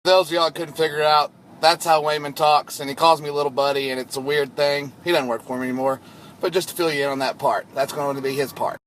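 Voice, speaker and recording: A man telling a profane story in an animated way while driving at night. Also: a little high, fast, low-quality recording. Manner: animated, profane, laughing disbelief. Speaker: storyteller vlogger. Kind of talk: casual storytelling vlog. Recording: faint road noise in a vehicle.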